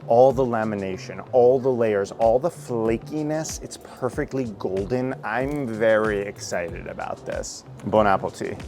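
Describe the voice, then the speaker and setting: Excitable American man vlogging pastries. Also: on the low side, a little slow, hardly any pauses, faint music behind. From United States. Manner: chatty, excitable, swears casually. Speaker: food vlogger. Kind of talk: casual food vlog. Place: streets and bakeries of a city, outdoors.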